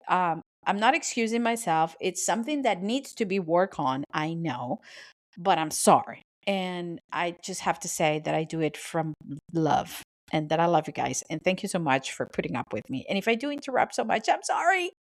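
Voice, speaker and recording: A woman's voice: on the low side, animated, moderate pace. A woman hosting her podcast alone from a small soundproofed home office, chatty and apologetic, sometimes tripping over her words. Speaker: podcast host. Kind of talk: solo podcast monologue. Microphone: studio microphone.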